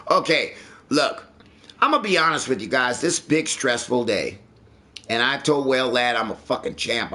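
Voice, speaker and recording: A man's voice: fairly high pitch, pushed and bright. A man streaming live, chatting casually and ranting with lots of swearing. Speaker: livestreamer. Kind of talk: casual livestream chat.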